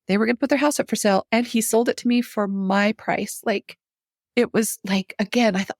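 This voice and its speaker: A middle-aged woman, a guest on a podcast, telling a personal story in casual conversation, animated, acting out her own reactions and laughing often. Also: on the high side, a little fast, no room sound, studio quality.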